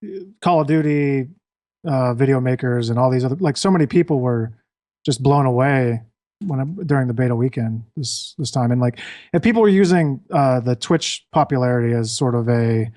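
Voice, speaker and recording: Relaxed man chatting about games. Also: mid-range voice, normal speed. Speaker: podcast guest. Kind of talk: casual gaming chat.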